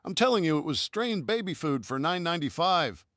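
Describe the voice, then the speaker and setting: A man's voice: a little high, sing-song, fairly quick, fairly bright tone, no room sound, pitched above the performer's own voice. A sarcastic young woman scientist grumbles her complaints in a dry, sour tone. A man puts her on for an audiobook, lifting his voice above his own. The sound is close and dead. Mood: grumbling. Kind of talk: audiobook character voice.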